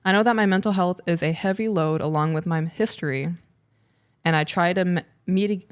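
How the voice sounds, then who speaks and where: A woman co-hosting a relationship podcast, speaking earnestly in a casual chat. Her voice sits a little low for a woman. She sometimes stumbles over a word and laughs easily. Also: brisk, smooth. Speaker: podcast co-host. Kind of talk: casual podcast chat, reading listener letter.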